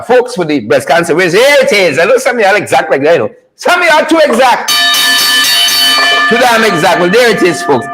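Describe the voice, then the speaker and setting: A man's voice: sits high, low-quality recording. A man hosting a live online show, playful and teasing, repeating himself and laughing often. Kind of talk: casual live-stream talk.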